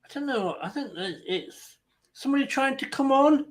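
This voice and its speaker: High-voiced excitable man calling a match. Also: normal speed. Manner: excitable, laughs easily. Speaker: watchalong host. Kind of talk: casual live match commentary.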